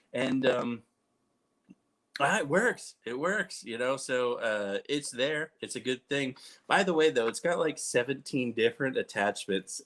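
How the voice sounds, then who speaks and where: A man in his thirties chatting casually to camera, rambling and poking fun at himself with frequent restarts. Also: mid-range voice. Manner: rambling, self-mocking, restarts often. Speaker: vlogger.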